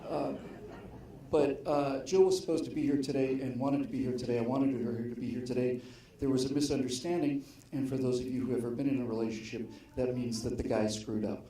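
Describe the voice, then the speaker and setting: A man's voice: medium pitch, steady tone, quick pace, warm tone. A man giving an earnest, emphatic public speech to a political gathering, in a conversational storytelling manner. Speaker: guest speaker. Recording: very echoey hall, voice from far off.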